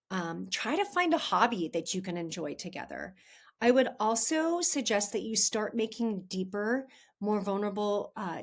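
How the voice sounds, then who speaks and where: A woman hosting a podcast, giving relationship advice in a chatty, candid way and talking straight to her listeners. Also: medium pitch. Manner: chatty and candid, addresses listeners as "you guys". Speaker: podcast host, relationship coach. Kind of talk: casual advice monologue.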